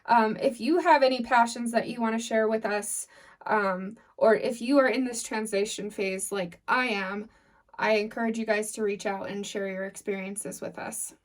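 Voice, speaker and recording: A woman's voice: fairly high pitch, fairly even intonation, moderate pace, recorded from a distance. A woman co-hosting a podcast, chatting agreeably and laughing easily. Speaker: podcast co-host. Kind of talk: casual podcast chat.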